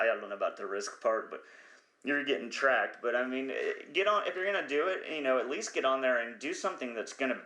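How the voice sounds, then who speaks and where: A man's voice: mid-range voice, fairly bright tone, reverberant. A man hosting a podcast, talking in a rambling, profane comedic monologue who sometimes loses his train of thought. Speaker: podcast host.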